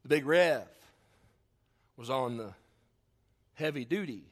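A man preaching a sermon and telling a family story in a folksy way, moving between loud emphasis and quiet, hushed lines. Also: mid-range voice, expressive, takes it slowly. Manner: acts out quotes in his story. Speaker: pastor.

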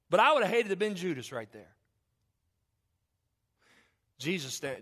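A male pastor delivering a sermon with a high, bright-sounding voice. He preaches emphatically, repeating phrases as he builds intensity, then drops low and quiet. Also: lively intonation, normal speed, pauses often. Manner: emphatic, repetitive preaching with rising and falling intensity.

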